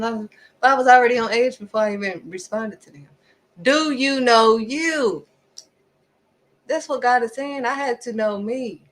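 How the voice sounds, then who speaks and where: A woman talking straight to camera in a casual motivational vlog, mid-pitched and conversational. She slips into little acted-out exchanges, then lands pointed questions right at the listener with a preacher's push. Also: measured pace, long pauses, rough recording. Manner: animated, acts out little back-and-forth exchanges. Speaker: faith vlogger.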